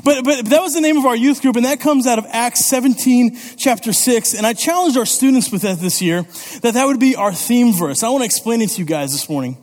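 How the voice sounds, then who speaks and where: A man preaching a sermon as youth pastor, lively and conversational, often checking in with "okay?" and "all right?". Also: extremely high pitch, a little fast. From Italy. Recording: long reverb of a church hall.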